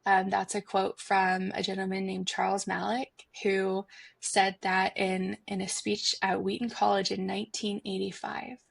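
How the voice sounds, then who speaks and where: A woman's voice: medium pitch, monotone, a little slow, vocal fry, breathy edge, no room sound. A woman guest on a podcast interview, speaking in an earnest, heartfelt way with frequent restarts. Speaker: guest, foundation institute director.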